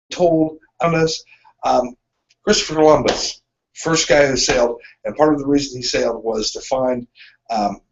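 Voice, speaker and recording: Male co-host, casual rambling explainer, mid-range voice, dull lo-fi recording. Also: mid-range voice. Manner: rambling, animated explainer with frequent ums. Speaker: podcast co-host. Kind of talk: casual discussion. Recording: dull lo-fi sound.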